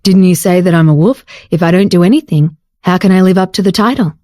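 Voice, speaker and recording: A woman voicing a confident, teasing husband in an audiobook romance, speaking lower and patiently. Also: brisk, warm tone, no echo, clean studio sound. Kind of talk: audiobook character voice.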